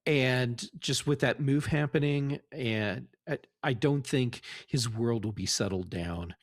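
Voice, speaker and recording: A man co-hosting a tech podcast, talking in a relaxed, rambling way with many fillers. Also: mid-range voice, slow, no room sound, clean studio sound. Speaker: podcast co-host. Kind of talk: casual tech podcast chat.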